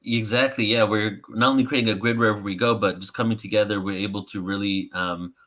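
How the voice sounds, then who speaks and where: A man's voice: on the low side, fairly even intonation, fast, fairly bright tone. A man co-hosting a live stream, talking in a casual, easygoing way. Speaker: co-host.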